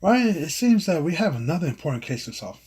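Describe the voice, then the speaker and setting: A self-assured young detective who brushes off his partner's objections. A man reads him aloud, giving him a breezy, confident delivery in a slightly raspy voice. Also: fairly high pitch, sing-song, brisk, a little mellow, voice pushed up.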